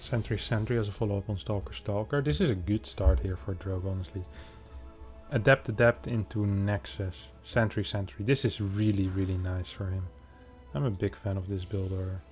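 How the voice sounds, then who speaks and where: A man casting a strategy game match in a chatty, joking way, reacting fast to the play. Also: lowish voice, fairly even intonation, a little mellow, faint music behind. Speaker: esports caster. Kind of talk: casual game commentary.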